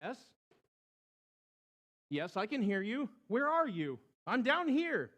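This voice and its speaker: A man acting out a terrified man who is hanging from a branch on a cliff and shouting and pleading for help in a strained, high voice. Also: big pitch swings, slow pace, highs cut off, full character voice.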